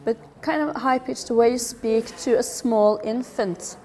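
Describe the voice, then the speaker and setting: A middle-aged woman speaks English, her voice sitting a little high. She gives a public talk in a lively, humorous way, often slipping into the voices of the people she quotes. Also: a little slow. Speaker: speaker on children's behaviour.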